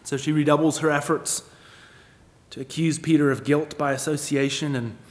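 A man preaching a sermon, asking rhetorical questions and moving between emphatic lines and hushed ones. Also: fairly high pitch, fairly even intonation, normal speed, big-room sound. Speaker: pastor.

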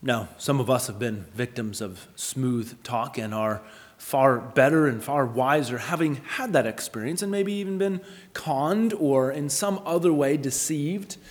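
A man preaching a sermon in an earnest, explanatory way, with lively storytelling asides. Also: mid-range voice, measured pace. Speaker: pastor. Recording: long hall reverb.

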